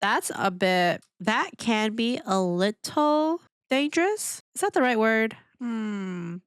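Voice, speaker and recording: Mujer animada comentando con voz clara. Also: female voice, a little high, slow pace, clear, resonant tone, no room sound, clean studio sound. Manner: animated, exclamatory, laughs often; asks rhetorical questions. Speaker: reaction video host. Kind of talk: casual reaction commentary.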